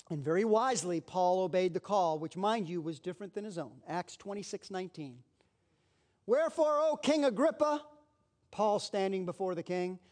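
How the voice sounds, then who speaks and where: A man preaching a sermon in a lively way, acting out little scenes in quoted voices. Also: high-pitched. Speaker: pastor.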